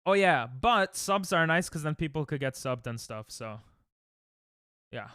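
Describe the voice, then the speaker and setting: Young male streamer, bright clear voice, animated and rambling, dry close sound. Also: moderate pace, dry recording. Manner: rambling, laughs often, sudden high yelps. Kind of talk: casual chat with live chat.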